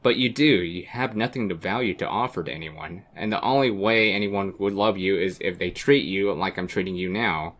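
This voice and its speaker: Reading game dialogue aloud, a man plays a cruel, contemptuous young woman on a blind date, hurling cold, cutting insults without letup. His voice is low and a bit bright, moving at a normal pace with barely any pauses.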